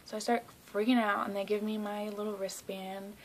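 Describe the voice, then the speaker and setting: A young woman from South Carolina, telling a story in a casual vlog. She gushes excitedly, says "like" constantly and drops into hushed asides. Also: medium pitch, moderate pace, a little hiss or hum, low-quality recording. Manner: excitable, gushing, heavy use of "like". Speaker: vlogger.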